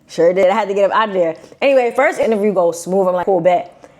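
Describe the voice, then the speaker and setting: A young woman from Brooklyn with a New York accent, telling a personal story to her viewers in a casual, animated, slangy way. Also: medium pitch, fast talker. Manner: animated, slangy, acts out quotes in shifting voices. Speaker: vlogger.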